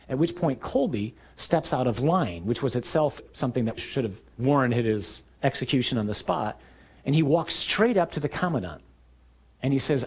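A man preaching a sermon, telling stories vividly and acting out shouted lines. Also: mid-range voice, moderate pace, breathy edge. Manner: animated storytelling, acting out shouts.

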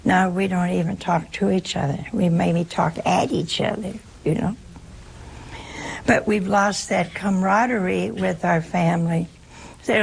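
A woman's voice: mid-range voice, takes it slowly, creaky, pauses often, slight background noise, rough recording. An older American woman, a religious sister, giving a folksy spiritual talk, telling stories and acting out quoted dialogue with a laugh. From United States. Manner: chatty storyteller who acts out quoted dialogue with a laugh.

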